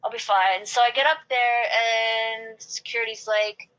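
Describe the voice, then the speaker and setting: A woman's voice: on the high side, fairly even intonation, moderate pace, fairly bright tone, low-quality recording. A woman in casual chat, telling a long personal story, saying "like" a lot and acting out what people said. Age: late 20s or older. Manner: chatty, lots of "like", acts out quotes.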